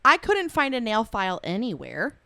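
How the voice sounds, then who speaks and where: A woman's voice: on the high side, wildly swooping pitch, moderate pace, creaky, sharp tone, no echo. A young woman co-hosting a podcast, candid and swearing casually, with dry jokes. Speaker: podcast co-host. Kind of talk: casual chat. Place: studio.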